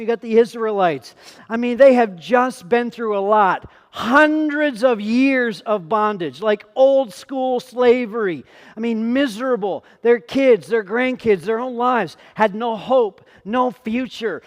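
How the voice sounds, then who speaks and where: A man pastor giving an emphatic sermon, repeating phrases and firing rhetorical questions at the congregation. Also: very high-pitched. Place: church sanctuary. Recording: long hall reverb.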